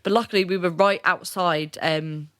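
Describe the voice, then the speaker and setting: A woman co-hosting a podcast, telling a story in casual chat, animated, laughing often and swearing freely. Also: on the low side, normal speed, clean tone. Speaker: podcast co-host.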